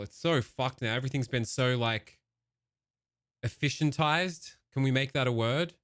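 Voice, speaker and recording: A man giving casual, profane reaction commentary as a streamer, given to animated rants. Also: medium pitch, moderate pace, no room sound, clean studio sound.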